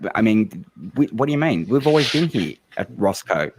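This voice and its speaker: A man's voice: fairly low pitch, sing-song, brisk, slight background noise. A man hosting a comedic podcast over an online call, joking playfully and laughing often. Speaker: host.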